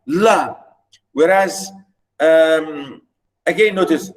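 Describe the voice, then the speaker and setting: Guy lecturing slow, kinda high voice, lots of uh and um and restarts. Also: poor audio. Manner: repetitive, many fillers and restarts. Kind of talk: recorded lecture.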